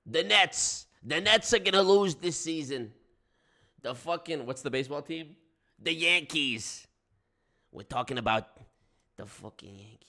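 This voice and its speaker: A man's voice: fairly high pitch, expressive, measured pace, sharp tone, heavily acted. A man voicing a brash, profane middle-aged New York mobster who blusters, swears and repeats himself, in a put-on New York accent. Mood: blustering.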